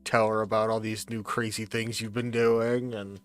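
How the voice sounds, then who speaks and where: A man running a tabletop role-play game as game master, speaking in a relaxed, unhurried way. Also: fairly low pitch, soft background music.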